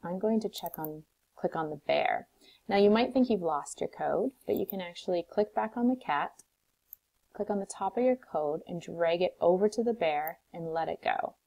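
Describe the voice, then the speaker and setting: A woman teacher calmly walking through a coding tutorial step by step, recorded on a desktop mic. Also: on the low side, normal speed, vocal fry, rough recording. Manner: calm, step-by-step instructions.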